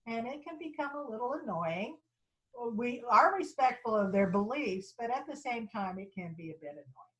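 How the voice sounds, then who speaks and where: A woman lecturer telling a personal story, with halting restarts and repeated phrases, acting out the people she quotes. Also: fairly high pitch, rough recording. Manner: animated, voices the people in her story.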